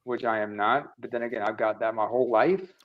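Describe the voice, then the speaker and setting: A man's voice: mid-range voice, fairly quick. A man from the Horn of Africa region, a panel guest telling stories in casual chat and swearing freely. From Eritrea or Ethiopia region. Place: living in Scandinavia. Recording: dull lo-fi audio.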